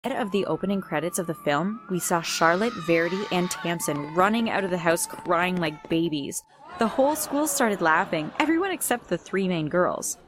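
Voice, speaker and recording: A woman's voice: on the low side, lively intonation, moderate pace, a little hiss or hum. A woman narrating a first-person story in a plain storytelling read.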